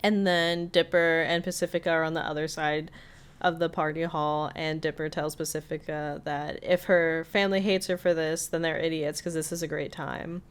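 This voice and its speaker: A woman with a smooth, clear voice that sits slightly low recaps a cartoon episode scene by scene. It's a relaxed podcast chat, full of quick laughs. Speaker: podcast co-host.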